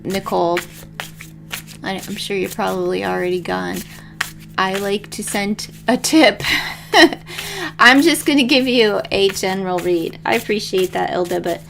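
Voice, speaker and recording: A middle-aged woman chats on a home live stream while reading tarot for viewers. She rambles, laughs often and turns emotional at times. Her pitch sits in a middle range, with faint noise in the background. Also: gravelly, a bit bright.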